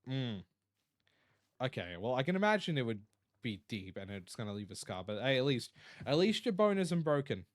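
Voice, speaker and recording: A tired Australian man with a medium-pitched voice yawns while chatting casually on a live stream, rambling and reading out chat messages. There is no echo.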